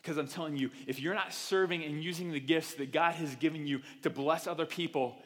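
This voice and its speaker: A man preaching a sermon in an animated, self-deprecating way, acting out the voices he quotes, in a church auditorium. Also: fairly high pitch, a little fast. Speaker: pastor. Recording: reverberant hall.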